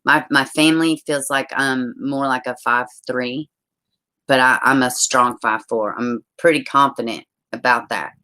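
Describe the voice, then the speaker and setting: A woman's voice: rumbling low, steady tone, moderate pace, sharp tone. A woman hosting a casual livestream, chatting with viewers and reading their comments aloud. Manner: chatty, reads out viewer comments, uses y'all. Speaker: livestream host.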